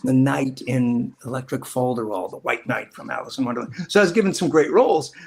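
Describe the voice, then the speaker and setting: A middle-aged actor telling stories in a casual interview, rambling and acting out quoted lines in different voices. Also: male voice, medium pitch, brisk, creaky. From Southern California. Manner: rambling, animated, acts out quotes. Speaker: actor guest.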